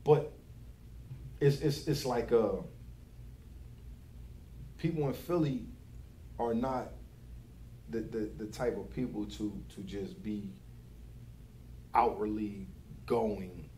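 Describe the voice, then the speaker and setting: A man's voice: on the low side, slow, long pauses, dark tone, slight background noise. A young man, a barber giving advice to new barbers in casual, profane chat, repeating his catchphrases. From Philadelphia. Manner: loose, swearing, repeats catchphrases.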